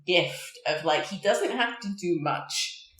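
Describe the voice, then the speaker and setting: A woman's voice: on the low side, slow pace. A woman co-hosting a podcast, chatting casually about films and laughing often. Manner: chatty, animated, laughs often, many fillers. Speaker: podcast co-host. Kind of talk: casual film chat. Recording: roomy echo.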